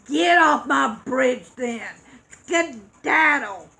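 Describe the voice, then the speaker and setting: A woman voicing a mean, hungry male troll in a storybook reading, with slow, loud, growling shouts. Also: high-pitched, lively intonation, gravelly, full character voice. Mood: grumbling shout.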